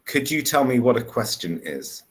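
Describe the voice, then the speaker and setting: A man's voice: medium pitch, big pitch swings, moderate pace, fairly bright tone. A man tutoring English one-on-one over a video call, patiently explaining step by step. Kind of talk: one-on-one online lesson.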